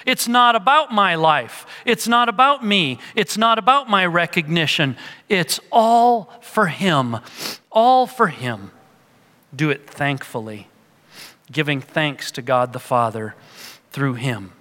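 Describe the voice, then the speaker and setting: An older man preaching a sermon, earnest and emphatic at times, then quiet in prayer. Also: fairly high pitch, lively intonation, takes it slowly, in a large hall. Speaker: pastor.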